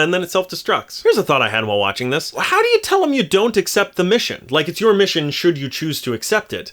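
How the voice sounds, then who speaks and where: A man giving a casual solo film review, animated and sarcastic, his voice jumping up in exasperation. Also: medium pitch.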